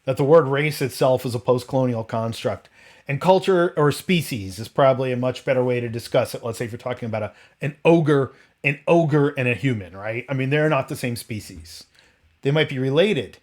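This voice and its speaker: A man's voice: mid-range voice, brisk. A man hosting a casual roundtable chat, rambling through tangents and rhetorical questions and often restarting and correcting himself. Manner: frequent restarts and self-corrections.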